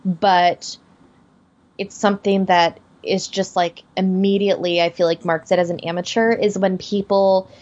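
A woman's voice: mid-range voice, level tone, moderate pace, a little mellow, lo-fi sound. A young woman, a voice actor, talking casually in a podcast chat with lots of fillers and restarts. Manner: chatty, many fillers and restarts. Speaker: voice actor guest.

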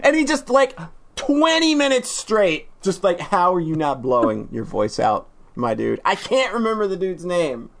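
A woman in casual chat as a podcast co-host, playful and animated, often stammering when excited. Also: fairly low pitch, a little slow, vocal fry.

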